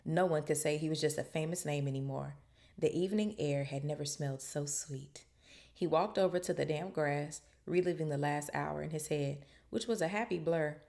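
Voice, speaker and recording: Here a woman with a deep voice and vocal fry talks at a normal speed. As a podcast host she reads a novel out loud, pausing for playful commentary in casual slang with plenty of energy.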